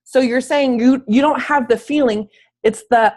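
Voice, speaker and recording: A woman's voice: high voice, moderate pace, a little mellow. A sick, slightly wheezy woman giving an upbeat, emphatic motivational talk as a fitness coach on a team call from home, speaking in casual slang. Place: at home, in bed.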